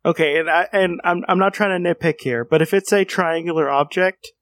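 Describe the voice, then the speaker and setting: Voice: mid-range voice, brisk, fairly bright tone, no room sound. Joking co-host with a dry sound. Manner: joking, hesitant, asks questions. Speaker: podcast co-host. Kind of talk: casual chat.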